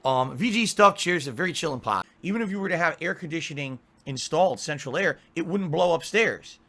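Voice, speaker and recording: Bright-voiced man ranting on stream. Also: a little high, brisk. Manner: profane, exasperated, lively complaining. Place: home office room.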